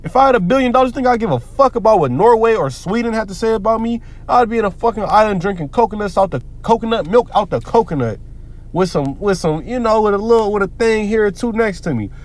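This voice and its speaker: A man's voice: high-pitched, animated, quick pace. A man giving heated, profane, preacher-like commentary on the news, quoting scripture between rants. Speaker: commentary vlogger.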